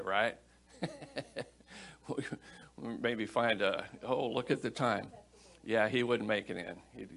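A man's voice: lowish voice, fairly bright tone. A middle-aged male pastor preaching a Bible-teaching sermon in a conversational, storytelling manner and reading scripture aloud.

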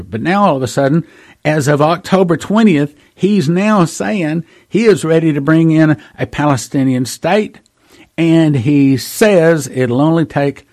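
A man's voice: fairly high pitch, darkish tone. A man hosting a prophecy talk show, preaching earnestly and calling his listeners brothers and sisters. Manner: reads dates and quotes at length. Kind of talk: preaching monologue.

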